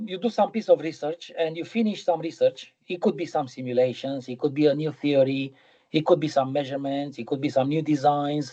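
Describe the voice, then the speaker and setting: A man's voice: a little high, warm tone, lo-fi sound. A middle-aged man giving a physics lecture in a webinar, hesitant, with many ums and repeated words.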